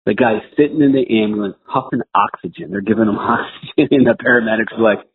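A man, a caddie, telling a story in a voice message, with animated, excited delivery over a phone line. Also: on the low side, quick pace, hardly any pauses, breathy edge. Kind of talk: voice-message anecdote. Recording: tinny phone-line recording.

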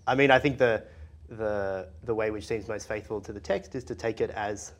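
A man's voice: on the low side, moderate pace. A man giving a tentative reading in an academic discussion, hesitant and full of restarts. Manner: hesitant, many fillers and restarts. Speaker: podcast discussant.

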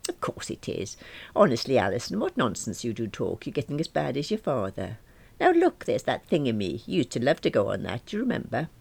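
A woman doing a bossy, fussing older mum with a gravelly edge. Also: a bass voice, huge pitch swings, darkish tone, heavily acted. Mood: brisk. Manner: nagging, brisk. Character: fussy bossy older mother on holiday.

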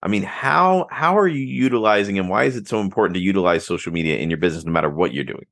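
A male podcast host with a very deep voice talks at a brisk clip. He affirms his guest with quick agreement and then moves the talk on. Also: lively intonation, creaky, a bit bright. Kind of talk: casual interview talk.

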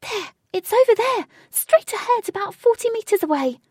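A woman voicing a young flying female companion who calls out in high, breathless alarm. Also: very animated, normal speed, dark tone, slightly rough, no room sound, studio quality, heavily acted. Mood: alarmed shouting.

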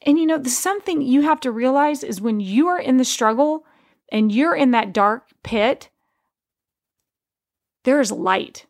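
A woman in her forties shares a personal faith testimony in an earnest, conversational way, circling back and restarting her thoughts. Her voice sits a little high with a gravelly, fried edge. The recording is dry and close. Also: animated, a little slow, pauses often, no room sound. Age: 40s.

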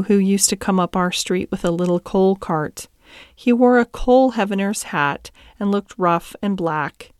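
Woman reading an audiobook, calm and steady, smooth clear voice, dry close mic. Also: medium pitch, no room sound. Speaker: audiobook narrator. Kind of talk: scripted narration.

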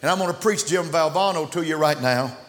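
A man preaching a sermon in a church, impassioned, swinging between shouts and hushed asides. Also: fairly high pitch, fairly quick. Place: church sanctuary. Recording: long church reverb.

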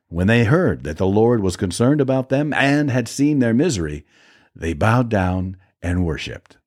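A male scripture reader narrating a Bible passage for a podcast with a lively, rising and falling pitch. His delivery is steady and clear, and he shades the quoted speakers lightly.

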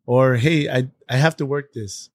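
A man's voice: medium pitch, a little slow, dry recording. Earnest male podcast host, dry sound. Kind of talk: casual interview chat.

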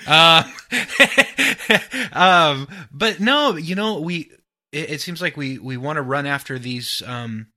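A man's voice: a little high, lively intonation, slow pace, sharp tone. A man hosting a podcast interview, chatting casually and enthusiastically with many "like"s and "right?"s. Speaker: podcast host.

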